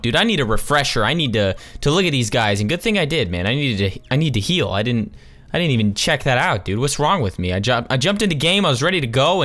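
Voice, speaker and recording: A young man hosting a gaming channel gives casual let's-play commentary, slangy and jokey, tossing in sarcastic asides and calling everyone dude. His voice is medium in pitch and a bit bright.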